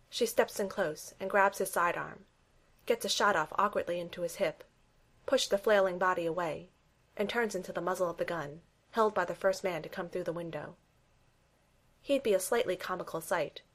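A woman narrating a story in a steady, wry reading voice. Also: on the low side. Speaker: reader.

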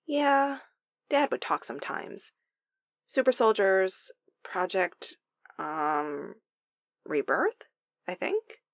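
A woman voicing a brash, irreverent young woman who talks in slang and quick retorts. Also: medium pitch, very animated, no echo, clean studio sound. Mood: breezy.

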